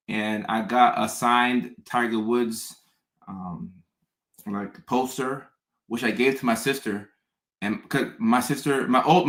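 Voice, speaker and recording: A man's voice: mid-range voice, sharp tone. A man from the American South telling stories in casual chat, often restarting and repeating words. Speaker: host. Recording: echoey room.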